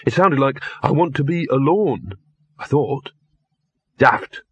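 A man's voice: medium pitch, lively intonation, slow pace, a bit bright, breathy edge, no room sound, pitched above the performer's own voice, full character voice. A man voicing a small, cynical male talking dog in a storybook reading, muttering in a gloomy, streetwise way. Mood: grumbling.

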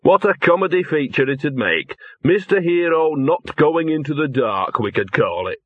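Male reader doing a cynical, scruffy old dog in a storybook, muttering and rough-spoken, huskyish. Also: medium pitch, expressive, unhurried, no echo, phone-quality sound. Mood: mocking. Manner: grumbling, sardonic, rough-spoken.

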